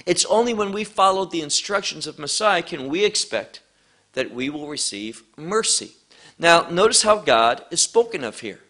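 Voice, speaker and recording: A man's voice: on the high side, animated, bright, forceful tone. A man teaching a verse-by-verse sermon, asking rhetorical questions and mixing in Hebrew terms. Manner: deliberate, asks rhetorical questions. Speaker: Bible teacher.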